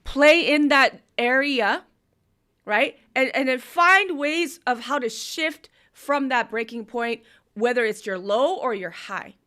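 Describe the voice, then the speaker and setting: Woman, review host, vocal coaching, bright tone, smooth clear voice. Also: on the high side, lively intonation, slow. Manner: coaching, talks through technical vocal notes. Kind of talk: live-stream feedback on submitted songs.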